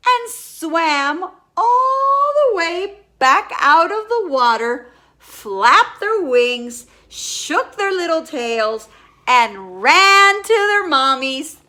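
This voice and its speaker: A woman reading a picture book aloud in a slow, expressive way, with many exclamations. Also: very high voice. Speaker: storyteller.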